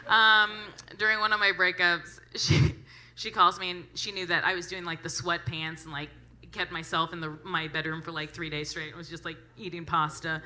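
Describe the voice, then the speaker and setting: A young woman doing a stand-up comedy set, brash, profane and animated. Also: fairly low pitch, normal speed.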